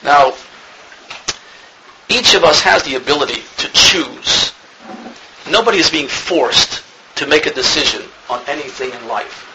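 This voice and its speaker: Rabbi giving a talk, kinda high gravelly voice, noisy recording w clicks. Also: male voice, unhurried, long pauses. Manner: earnest storyteller, grows louder and more emphatic. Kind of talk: religious lecture.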